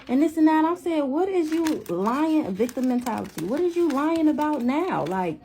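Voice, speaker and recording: A young woman telling a story in a casual vlog rant, animated and incredulous, repeating herself. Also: sits high, normal speed, hardly any pauses, slight background noise. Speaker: vlogger.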